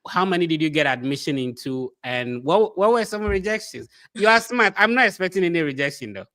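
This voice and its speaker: A host runs a casual podcast interview. The talk is chatty and joking, with frequent interruptions, at a middle pitch. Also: expressive, fairly quick, fairly bright tone. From Nigeria.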